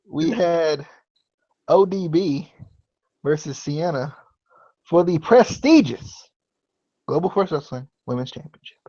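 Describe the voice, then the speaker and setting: On a dull, lo-fi podcast recording with no echo, a man hosts a casual wrestling review chat. His voice is fairly high with a darkish tone, and he rambles, leans on fillers, and laughs readily.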